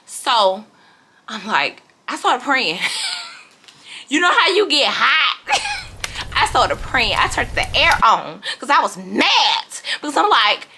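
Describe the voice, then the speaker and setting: A woman's voice: fairly high pitch, big pitch swings, slow, pushed and bright, a little hiss or hum. A woman telling a storytime vlog in casual, dramatic chat, calling her viewers y'all. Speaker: vlogger.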